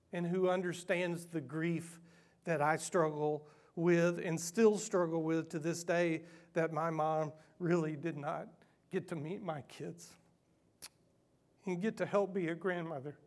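A middle-aged man preaching a sermon, animated and self-mocking, moving between hushed earnest stretches and loud playful ones. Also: a little high. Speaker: pastor.

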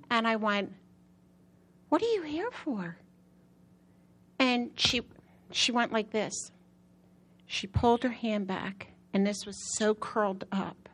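This is a woman preaching, weaving personal testimony into an animated sermon. Repetition of phrases gives her words emphasis, and excitement sends her voice soaring upward.

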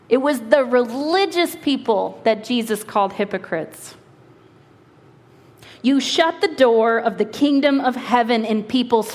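A woman lead pastor preaching a sermon and reading scripture, earnest and slowing for emphasis, with quick asides. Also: fairly high pitch. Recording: long hall reverb.

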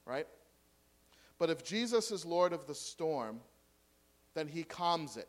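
A man delivers a sermon in a church hall. His voice sits a little high for a man. He drives his points home with force, then drops to quiet asides and questions to the congregation. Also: unhurried. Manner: lively preaching, dropping to quiet asides and rhetorical questions. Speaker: pastor.

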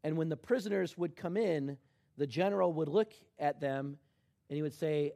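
A middle-aged man preaching a sermon, dropping to a hush and then rising to loud, emphatic shouts. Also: fairly high pitch, moderate pace, creaky. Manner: swings from hushed to shouting in acted quotes. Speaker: pastor.

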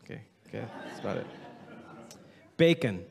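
Playful male pastor, lively pitch, long hall reverb. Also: moderate pace, vocal fry. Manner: playful, joking, reads aloud with mock drama. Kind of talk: humorous sermon to a congregation. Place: church sanctuary.

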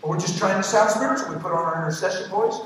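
Preaching in a large church hall, this man speaks rapid-fire in a high, fairly bright voice, with a little hiss or hum on the audio. His emphatic sermon includes questions for the congregation and jokey asides, heard from a distance amid the hall's echo.

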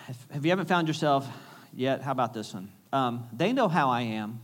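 A man preaching a sermon in a conversational, animated way, with jokey asides and acted-out quotes. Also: medium pitch, brisk, few pauses. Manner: animated, acts out quoted voices. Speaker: pastor.

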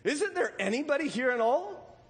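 A simple, persistent storybook bear calling out high and loud, as a preacher puts him on. The voice lifts well above the speaker's usual pitch. It rings with a long hall reverb. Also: male voice, sing-song, normal speed. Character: honey-loving male cartoon bear, simple and persistent.

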